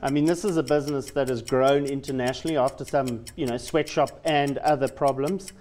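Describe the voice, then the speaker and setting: Brief: male investment guest on a TV panel, mid-pitched voice, conversational, with dry quick humor. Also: steady tone, darkish tone. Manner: quick, wry quips. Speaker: stock picker guest. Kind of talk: conversational market commentary.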